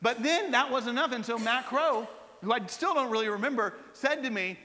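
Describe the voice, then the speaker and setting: A pastor in his forties preaching a sermon, telling a personal story with animated, self-mocking asides. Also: extremely high pitch, a little fast, big-room sound, slight background noise.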